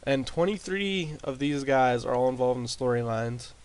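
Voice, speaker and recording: A man casually recapping his wrestling sim game in a rambling way, with lots of fillers and restarts, talking into a desk mic turned up loud. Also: medium pitch, expressive, moderate pace, smooth. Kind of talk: casual commentary over gameplay. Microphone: desk mic with boosted gain.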